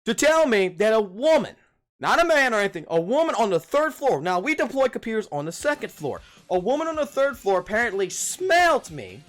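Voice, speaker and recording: A man's voice: high voice, fairly quick. A man from Louisiana who hosts a stream, chatting casually while gaming and cursing freely as he plays. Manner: profane, animated, yelling at the game. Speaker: streamer and podcast host.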